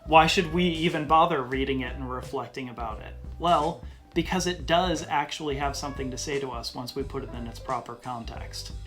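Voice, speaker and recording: A male podcast host giving a casual Bible teaching in a conversational way, slowing down to stress key phrases. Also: mid-range voice, fairly bright tone, soft background music.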